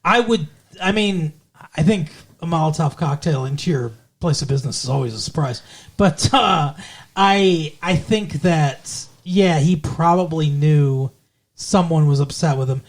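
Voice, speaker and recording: Laid-back podcast co-host, mid-pitched. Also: a little slow. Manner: laid-back, adds asides and corrections. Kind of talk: casual recap chat.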